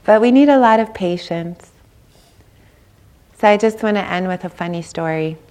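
A woman's voice: medium pitch, normal speed. A meditation teacher, a woman, giving a dharma talk at a meditation center, chatty and informal, often checking in with the listeners. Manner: warm conversational, seeks agreement with "right?".

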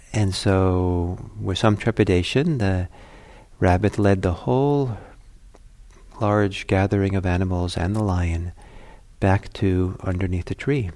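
Deep-voiced man telling a Buddhist parable. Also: a little mellow. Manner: unhurried, conversational storytelling. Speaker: Buddhist teacher.

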